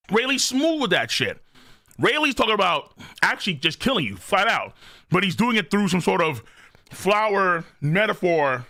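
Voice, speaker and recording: A man reacting live to a manga chapter on stream, excitable and profane, reading lines aloud and shouting at big moments. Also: sits high, no echo, studio quality.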